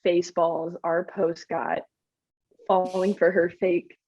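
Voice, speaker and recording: Young female coach on a podcast, low-ish voice, relaxed, muffled dry audio. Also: takes it slowly. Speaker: basketball coach and podcast co-host. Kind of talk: casual chat. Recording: dull, lo-fi sound.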